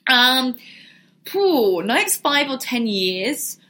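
A woman's voice: high-pitched, sing-song, very slow, bright, forceful tone. A young woman vlogger chatting casually and answering viewer questions in a livestream Q&A. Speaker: fitness and business vlogger.

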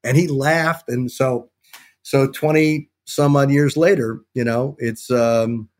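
A middle-aged man at medium pitch, telling a long story in a relaxed podcast chat. He acts out both sides of each quoted exchange with lively energy. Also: slow. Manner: animated anecdote-telling, acts out quoted dialogue. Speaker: sports television executive, guest. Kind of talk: casual storytelling in a podcast interview.

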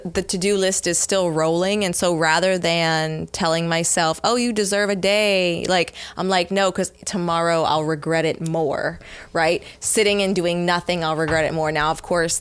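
A woman in her thirties with a somewhat low voice co-hosts a faith podcast. She talks in a reflective, earnest way, working through her thoughts, and the sound is close and dry with no room around it. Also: a bit bright, smooth, dry recording. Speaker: podcast co-host. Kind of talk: casual Christian podcast chat.

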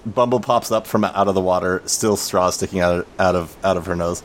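A man with a very low voice narrating a tabletop game as game master. He stops and restarts often and fills gaps with "um" and "uh". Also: a little hiss or hum. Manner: halting, with many fillers and restarts.

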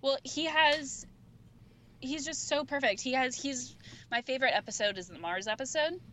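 Young woman guest on a podcast, kinda high voice, says like a lot. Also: moderate pace, a bit bright, a little hiss or hum. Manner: chatty, heavy use of "like" fillers. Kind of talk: casual podcast chat.

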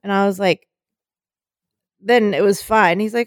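A young woman in casual conversation, telling a story with lively acted-out voices and the odd swear word. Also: medium pitch, normal speed, no room sound, clean studio sound. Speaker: co-host.

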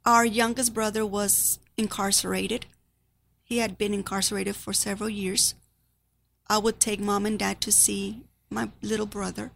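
A woman's voice: medium pitch, little pitch movement, moderate pace, creaky, a bit bright, slight background noise. A middle-aged woman giving an earnest, grieving personal testimony about her family.

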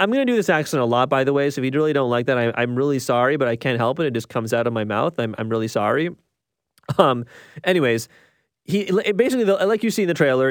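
A man's voice: medium pitch, no room sound, studio quality. A man giving a casual, rambling movie review, often restarting his sentences. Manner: rambling, restarts a lot, chatty. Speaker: film reviewer.

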